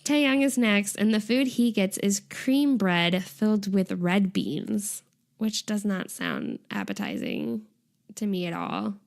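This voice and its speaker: A woman's voice: medium pitch, big pitch swings, slow pace, creaky. A young woman co-hosting a casual chat, retelling a show's events in a chatty way with frequent giggles and "like" fillers. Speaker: podcast co-host. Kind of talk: casual chat recapping a variety show.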